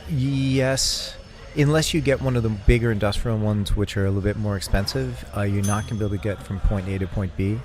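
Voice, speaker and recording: An Australian man co-hosting a casual radio tech chat, explaining things at length with hesitant pauses. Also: lowish voice, fairly even intonation, a little mellow. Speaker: co-host. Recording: radio podcast with faint background noise.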